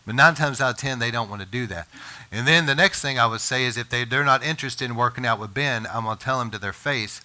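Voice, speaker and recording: A man preaching a sermon as pastor, earnest and impassioned, his voice climbing higher and louder when he presses a point. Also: fast. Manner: impassioned preaching, rises in pitch and volume when emphatic.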